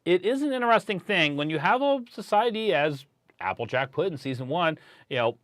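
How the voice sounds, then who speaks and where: A man chatting casually on an art livestream, lively and often chuckling, echoing his co-host. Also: on the high side, a little fast. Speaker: stream artist.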